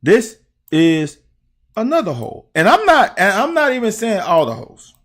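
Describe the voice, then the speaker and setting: High-voiced with huge swings in pitch, a moderate pace, and a somewhat bright tone, a middle-aged Southern American man breaks down game film for his stream. He's an ex-player, blunt and profane, talking right to his chat in casual commentary.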